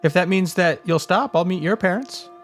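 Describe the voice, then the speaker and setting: A man playing a kind, earnest young hobgoblin student in a tabletop role-play, speaking with gentle hesitation. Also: high-pitched, normal speed, faint music behind. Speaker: player.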